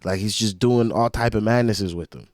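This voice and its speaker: Lower-voiced man breaking down rap bars. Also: moderate pace, no echo, studio quality. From United States. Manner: excitable, profane, picks apart lyrics in detail. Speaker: reaction video host. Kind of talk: casual commentary reacting to a rap song.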